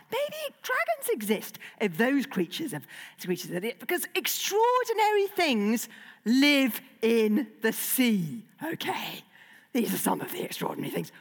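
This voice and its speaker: A woman speaks to a hall full of children, her voice sitting a little high and swooping up and down as she tells stories. She keeps turning to the audience with questions, and a long echo from the big hall trails after her words. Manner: animated storyteller who asks the audience questions. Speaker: children's author giving a school talk. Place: large hall. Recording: long reverb from a large hall.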